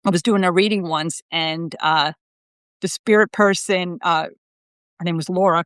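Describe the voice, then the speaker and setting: A middle-aged woman hosting a show as a psychic medium, chatting casually and telling lively stories in which she acts out the lines of the people in them. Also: fairly low pitch, moderate pace, smooth, no echo. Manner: lively storyteller, acts out quotes with laughter. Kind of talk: casual conversational chat.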